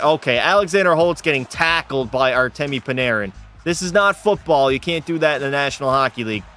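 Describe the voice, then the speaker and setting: A man's voice: medium pitch, fairly bright tone, slight background noise. A young man streaming a hockey game, chatting with his viewers and getting worked up over the play. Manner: casual, swearing, frustrated outbursts. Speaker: gaming streamer. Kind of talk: live game commentary with chat.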